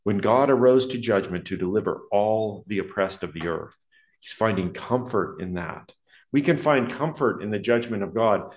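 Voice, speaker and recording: A man preaching a sermon on the Psalms, earnest, slowing to stress key words and dropping to a hushed tone to reflect. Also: fairly low pitch, lively intonation. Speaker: pastor. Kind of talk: expository sermon reading and explaining Psalms. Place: church hall with a projection screen. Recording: roomy, echoey hall sound.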